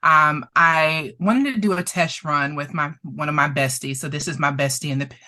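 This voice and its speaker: A woman's voice: low-pitched, normal speed, pushed and bright. A woman therapist presenting as a guest, telling a story expressively, laughing often and getting emotional. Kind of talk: animated storytelling in conversation.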